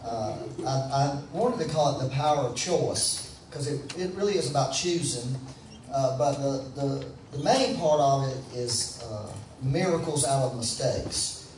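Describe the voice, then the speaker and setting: A man's voice: medium pitch, a little slow, a little mellow, slight background noise. A man preaching a sermon in a folksy, conversational way, calling on the congregation to answer back. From United States. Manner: conversational, folksy, calls for audience responses. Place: church sanctuary. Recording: roomy, from a distance with faint background.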